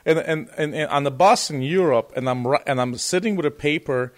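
A man being interviewed as a guest guitarist, telling a story in a lively, casual way, often repeating and restarting words. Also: on the high side, a little fast.

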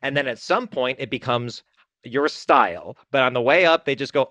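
A man talking casually as a filmmaker guest in an interview, chatty and self-deprecating with quick asides. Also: mid-range voice, a bit bright, dry recording.

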